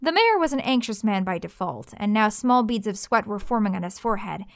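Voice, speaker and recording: A woman narrating a fantasy story in a lively, expressive reading. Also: mid-range voice, a little fast, no echo, studio quality.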